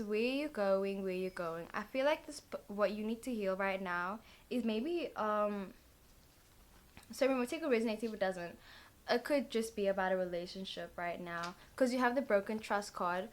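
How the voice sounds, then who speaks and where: Young female vlogger, tired, chatty tarot reader who rambles and leans on filler words. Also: mid-range voice. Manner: rambling, full of "like" and "literally" fillers. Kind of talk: casual chatty tarot reading.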